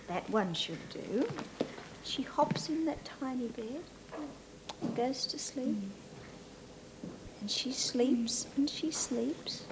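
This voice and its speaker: Australian kids' TV presenter, lively storyteller who coaxes answers, hissy tape. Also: female voice, a little high, slow pace, long pauses. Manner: animated, questioning, coaxing. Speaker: children's TV presenter. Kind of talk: storytelling to young children. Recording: hissy old 1980s TV tape.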